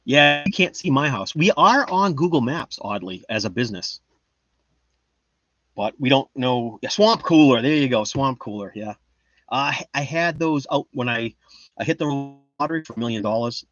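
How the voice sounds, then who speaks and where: A man's voice: medium pitch, animated, normal speed, a bit bright, dull audio. A man chatting casually on a livestream, reading the chat and rambling in a boastful, joking way. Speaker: livestream host.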